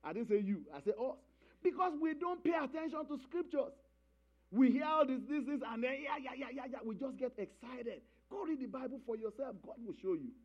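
Emphatic high-voiced male preacher, dull recording. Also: animated, a little fast, darkish tone. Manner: emphatic, repeats key phrases, calls for congregation responses. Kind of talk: sermon.

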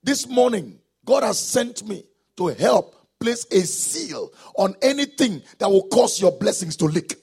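High-pitched raspy preacher man. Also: very animated, a little slow, hardly any pauses. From Nigeria. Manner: preaching with shouted, sung-out phrases. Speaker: pastor. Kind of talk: sermon.

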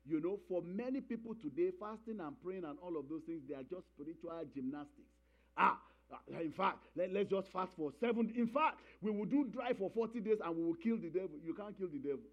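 A man's voice: sits high, animated, brisk, dull audio. A man preaching a sermon, emphatic, repeating key phrases and calling for responses from the congregation.

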